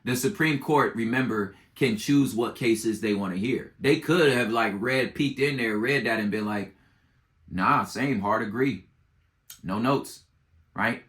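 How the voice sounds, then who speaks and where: A man hosting a podcast who gives casual political commentary in slangy, animated storytelling and acts out both sides. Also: mid-range voice, normal speed, hardly any pauses. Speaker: podcast host.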